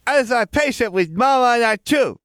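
A man voicing an excited toddler boy in baby talk for an audiobook. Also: a little fast, no room sound, clean studio sound. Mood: eager. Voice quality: high, lisping baby talk. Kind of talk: audiobook character voice.

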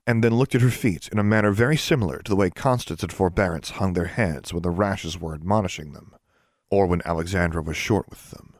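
A man narrating a fantasy audiobook in a steady, measured storytelling manner. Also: low-pitched, dry recording, clean studio sound. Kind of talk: scripted narration.

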